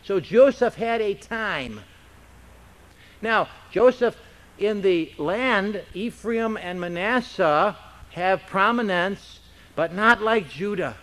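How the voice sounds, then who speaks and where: A man's voice: high-pitched, animated, slow, a bit bright. A male pastor teaching a Bible passage in a conversational sermon, often checking in with rhetorical questions.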